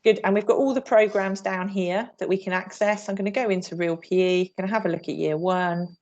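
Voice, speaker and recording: A woman from England runs an online training session for teachers as a PE trainer, upbeat and demonstrating moves while she talks. Her mid-range voice is steady, fairly quick, and somewhat dark, with lo-fi video-call sound.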